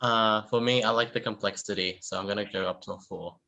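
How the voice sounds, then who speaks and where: A man's voice: lowish voice, steady tone, fairly quick, creaky, sharp tone. A man co-hosting a podcast, chiming in with brief, easygoing remarks. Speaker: podcast co-host. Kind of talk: casual podcast chat.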